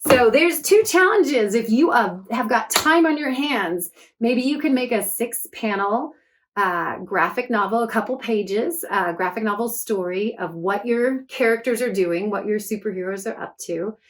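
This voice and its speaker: A woman's voice: fairly high pitch, measured pace. A woman author reading her book aloud to children, chatty and enthusiastic between passages.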